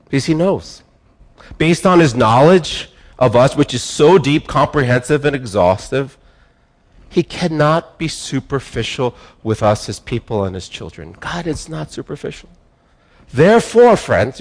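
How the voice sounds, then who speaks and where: A man preaching a sermon, building phrases up and dropping them low, pausing, repeating words and restarting himself. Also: big pitch swings. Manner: emphatic preaching, rising and falling with pauses. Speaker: pastor.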